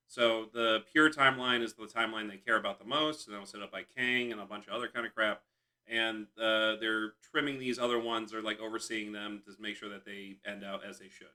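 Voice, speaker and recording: Young guy cohosting a podcast, rambly, lots of um and like, kinda low voice. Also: pushed and bright. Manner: rambling, loose with fillers and restarts. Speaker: podcast co-host. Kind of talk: casual chat.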